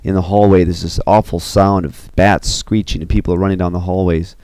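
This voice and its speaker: A man casually pitching a film story scene by scene, loose and rambling with many fillers. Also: level tone, brisk, darkish tone, clean tone, no room sound. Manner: loose and rambling, full of 'you know' and 'kinda'.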